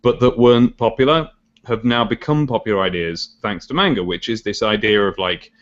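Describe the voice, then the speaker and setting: A man's voice: on the low side, brisk. A British man chatting on a podcast, musing aloud and hedging his opinions. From United Kingdom. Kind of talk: casual chat. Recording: dull lo-fi podcast recording.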